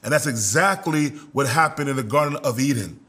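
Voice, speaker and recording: A man preaching a sermon, telling scripture stories with lively acted-out quotes. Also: mid-range voice, brisk, husky. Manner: animated storytelling preacher, acts out quotes, laughs.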